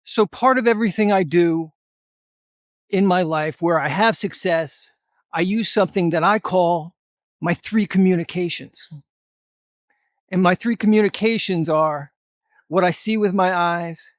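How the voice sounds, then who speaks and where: A middle-aged man pitches his fitness advice straight at the viewer. He talks in a rather high voice, blunt and emphatic, with a bit of mild cursing. The room sounds dry, with no echo. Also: normal speed. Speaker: fitness vlogger. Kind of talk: motivational talk to camera.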